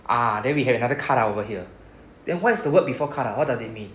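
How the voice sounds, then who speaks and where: A man's voice: mid-range voice, rapid-fire, a bit bright. Singaporean man teaching a class. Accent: Singaporean English. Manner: explains patiently, checks understanding with repeated "right?". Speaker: Japanese language teacher. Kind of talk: classroom lesson explanation. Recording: echoey classroom, faint noise.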